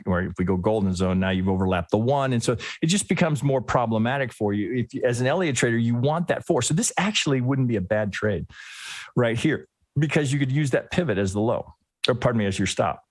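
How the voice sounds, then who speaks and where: A man's voice: mid-range voice, brisk, dry recording. Man thinking aloud through a trading lesson. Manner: thinks aloud, restarts often, asks rhetorical "right?"; casual, occasionally swears. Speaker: trading educator. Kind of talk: live chart analysis lesson.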